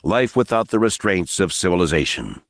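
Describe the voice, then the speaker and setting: A man narrating an unabridged novel audiobook with expressive, measured storytelling. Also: sits low, gravelly, no room sound, studio quality.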